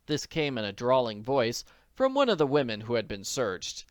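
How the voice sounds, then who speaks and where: Expressive male audiobook narrator. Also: medium pitch, moderate pace, few pauses, smooth, dry recording. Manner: expressive, animated storytelling. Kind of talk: audiobook reading.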